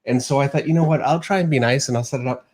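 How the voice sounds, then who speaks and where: A man's voice: mid-range voice, very fast, a little mellow. A middle-aged man hosting a casual livestream, laughing easily and explaining while he draws. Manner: easygoing, laughs often, explains while drawing. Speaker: host, artist. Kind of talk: casual livestream chat and drawing lesson.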